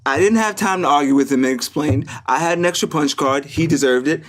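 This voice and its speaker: A man's voice: on the high side, fairly quick, fairly bright tone, a little hiss or hum. A man hosting a podcast, chatting casually, swearing freely and spinning joking hypotheticals. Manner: profane, joking hypotheticals, laughs often. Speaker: podcast host.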